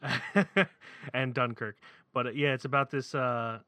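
Excitable male podcast co-host from the Philly area, bright, punchy delivery. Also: mid-range voice, measured pace, dry recording. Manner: animated, excitable, swears freely. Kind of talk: casual chat.

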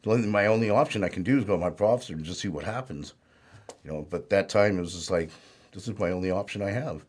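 Deep husky man telling his story. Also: quick pace, a little mellow. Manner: plainspoken, rambling, with many "you know"s. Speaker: interview guest. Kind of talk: candid life-story interview.

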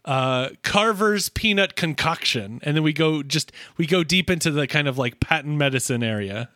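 Bright, lively man hosting a podcast. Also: a little high, moderate pace, no room sound. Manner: hesitant, full of uh and um, dry wry asides. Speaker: podcast host. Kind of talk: casual podcast chat.

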